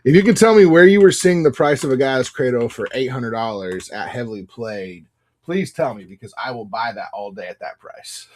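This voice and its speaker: A man's voice: mid-range voice, normal speed, a little mellow. Chatty man selling cards on a livestream. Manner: chatty, apologetic, upbeat pack-opening patter. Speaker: livestream card seller. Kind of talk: casual live-selling chat.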